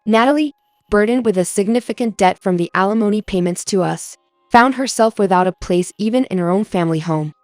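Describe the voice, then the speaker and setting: A woman narrating a scripted first-person story in an even storytelling manner. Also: mid-range voice, brisk, no echo, studio quality.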